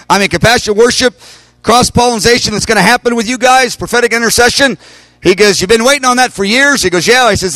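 A man's voice: sits high, no room sound. A middle-aged man preaching, telling a long personal story and voicing the people he quotes with a lifted voice. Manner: animated storytelling, quoting others in raised voice. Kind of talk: storytelling sermon.

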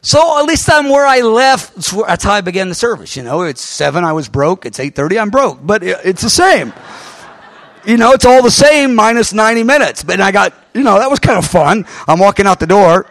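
A male pastor telling a story in a sermon, animated and acting out the voices of the people in it. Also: sits high, a little fast, dry recording.

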